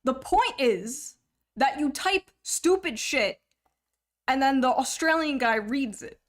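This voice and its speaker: A woman's voice: high voice, animated, takes it slowly. Crude, joking young woman streamer. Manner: crude, joking, swears freely. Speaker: livestream host. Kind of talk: casual chat.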